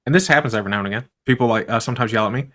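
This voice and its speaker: A man's voice: mid-range voice, rapid-fire, a bit bright. A man who grew up on a farm, talking casually as a guest in a conversational interview, rambling with many fillers.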